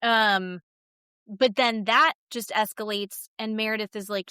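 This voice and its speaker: A woman podcast co-host recaps reality TV in a casual chat. Her voice is bright and a little high, recorded dry and close. She talks in an animated way, breaking off and restarting, and acts out what people said. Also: moderate pace, dry recording. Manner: animated retelling, acts out quotes, frequent restarts.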